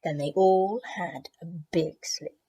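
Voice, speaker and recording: A woman teacher reading a picture book aloud to children, expressive and gentle, with chatty asides. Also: fairly low pitch, slow, slightly rough.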